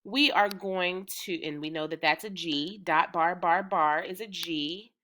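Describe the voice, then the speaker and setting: A woman teaching preschoolers in a slow, sing-song way, chanting patterns and cheering them on. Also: on the low side, bright, forceful tone. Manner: encouraging, drawn-out, rhythmic chanting. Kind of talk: slow, sing-song lesson for small children.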